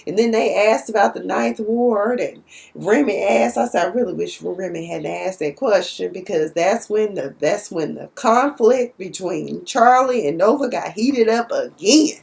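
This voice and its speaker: A woman's voice: mid-range voice, animated, a little slow, creaky, darkish tone. A young woman from Dallas, sassily recapping a TV episode in a casual, outspoken way. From Dallas, Texas. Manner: sassy, outspoken, cussing.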